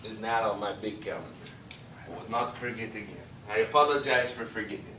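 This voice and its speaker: A man teaching a high school chemistry class, joking and teasing his students as he explains. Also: brisk, bright, forceful tone, a little hiss or hum. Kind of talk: classroom lecture. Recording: echoey classroom from a distance.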